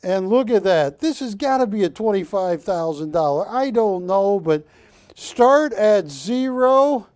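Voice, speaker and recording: A man's voice: sits high, moderate pace, hardly any pauses, warm tone, no echo. A middle-aged man hosting a live TV shopping auction, calling bids and joking as he rambles. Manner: chatty, jokey, rambling between bid calls. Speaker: auctioneer host of a shopping show. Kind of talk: live TV auction sales patter.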